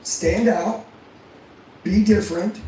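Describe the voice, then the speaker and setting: Speaking slowly in a high voice with a dark tone, a motivational speaker and sales trainer gives an intense, profane talk to a live audience, throwing rhetorical questions at them. The room is very echoey, the mic far away, with slight background noise.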